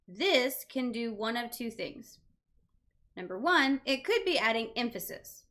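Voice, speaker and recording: Slow, bright-voiced woman teaching a language. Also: on the high side, animated. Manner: patient, reassuring explanations with frequent "right?" checks. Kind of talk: casual online language lesson.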